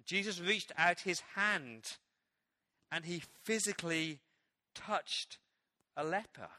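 A man preaching a sermon as pastor, telling a Bible story with animated storytelling and acting out the quoted lines. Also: high-pitched, slow pace, no room sound. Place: church.

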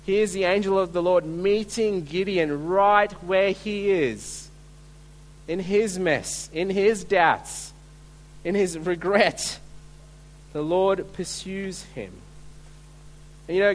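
High-voiced male pastor preaching. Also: fairly even intonation. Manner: earnest, emphatic with drawn-out stresses. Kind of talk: sermon. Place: church service.

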